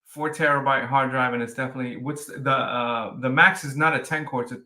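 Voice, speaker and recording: A man talking casually as a guest, animated and rambling. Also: mid-range voice, fairly quick. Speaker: podcast guest. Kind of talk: casual tech chat.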